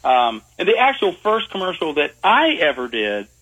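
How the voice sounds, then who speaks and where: A man, a commercial music producer, telling stories in an interview in an animated way, often laughing. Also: on the high side, moderate pace, husky, low-quality recording. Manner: animated, laughing storyteller with frequent fillers. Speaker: guest, jingle producer. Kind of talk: storytelling interview.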